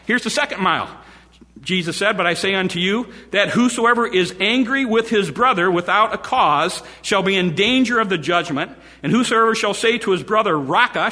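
A man's voice: high-pitched, sharp tone. A man preaching a sermon with emphasis, repeating key phrases for stress. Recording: long hall reverb.

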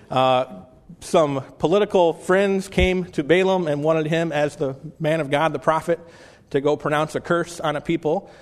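A male pastor preaching a sermon in a conversational way, often restarting phrases and slowing down to read scripture. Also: a little high, big-room sound.

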